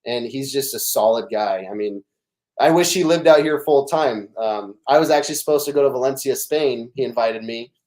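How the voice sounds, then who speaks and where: A middle-aged man, a podcast guest, telling stories in animated casual chat, with many fillers and restarts. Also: medium pitch, normal speed.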